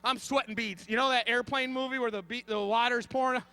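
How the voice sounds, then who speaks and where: Man in his thirties, very high voice, sharp bright tone, frantic comic storytelling. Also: brisk, smooth. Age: 30s. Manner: animated, frantic, breaks into shouting. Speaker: comedian.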